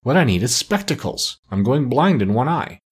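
A man's voice: mid-range voice, sing-song, normal speed, slightly rough. A man voicing a grumbling, plainspoken male plow horse. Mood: complaining. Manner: complaining, plainspoken.

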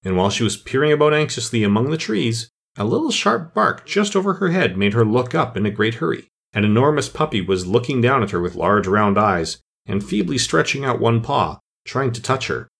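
A man narrating a children's story in an expressive storytelling manner. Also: mid-range voice, a little fast, creaky, few pauses, breathy edge. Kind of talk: audiobook narration.

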